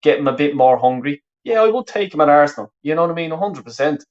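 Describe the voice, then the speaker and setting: This football watch-along streamer talks quickly and animatedly in a higher-pitched voice over dull-sounding audio. Originally from the west of Ireland, he now has a Dublin accent, and he rambles through live match commentary while reading out comments from viewers. He swears freely and keeps restarting his sentences.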